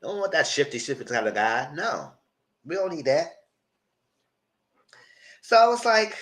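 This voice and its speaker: A man giving casual live commentary on a reality show, animated, repeating himself and cursing freely. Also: fairly high pitch, a little slow, long pauses.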